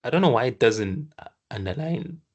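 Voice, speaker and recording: A male coding tutor, casual and animated, teaches over a screen share in a mid-range voice. He stumbles and restarts while thinking aloud and dramatizes the computer's scolding in quick asides.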